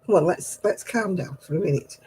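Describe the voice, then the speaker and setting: A woman's voice: on the low side, expressive, a little fast, a little mellow, a little hiss or hum, low-quality recording. A woman hosting a casual live video chat, talking about knitting while coaxing and scolding a restless dog. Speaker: host of a live stream. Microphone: computer or phone on a video call.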